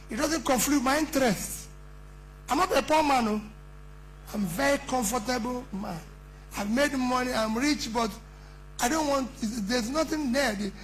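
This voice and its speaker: A man's voice: extremely high pitch, fairly bright tone, a little hiss or hum, rough recording. A middle-aged man with a Nigerian accent, giving an impassioned campaign speech at a conference, emphatic and full of rhetorical questions. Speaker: politician addressing a conference.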